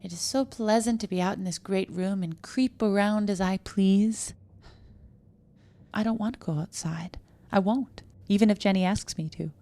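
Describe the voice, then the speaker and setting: A woman reading a classic short story aloud, slipping between hushed whispers and sudden emphatic outbursts. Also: medium pitch, normal speed, few pauses. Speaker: audiobook reader.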